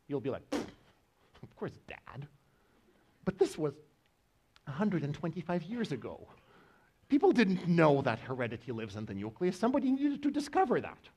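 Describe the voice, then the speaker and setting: Man, biology lecturer, lively, quips to students, fairly high voice, lecture hall. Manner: animated, joking with students. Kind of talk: university lecture.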